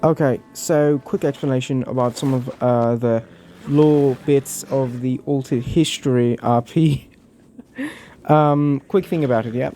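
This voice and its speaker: Young dude chatting to his viewers, lively and a bit sheepish, mellow tone. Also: medium pitch, measured pace. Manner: animated, chatty, self-deprecating. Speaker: channel creator. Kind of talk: casual chat to viewers.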